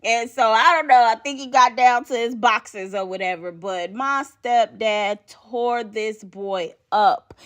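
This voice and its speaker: Female podcast host, fairly high voice, unhurried animated storytelling with laughs. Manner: animated, laughing, checks in with the listener. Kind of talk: personal storytelling.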